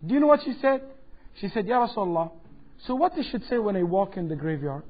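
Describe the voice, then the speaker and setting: Lecturer, male, high voice, animated storyteller; dull lo-fi tape. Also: fast talker, slight background noise. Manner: animated, acts out quoted dialogue. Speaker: Islamic lecturer. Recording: dull lo-fi 2007 lecture recording.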